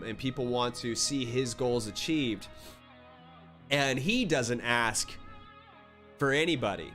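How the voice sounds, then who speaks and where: Rambling man recapping a story. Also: mid-range voice. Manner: rambling, animated storytelling with filler words. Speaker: manga reviewer. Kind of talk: casual vlog recap.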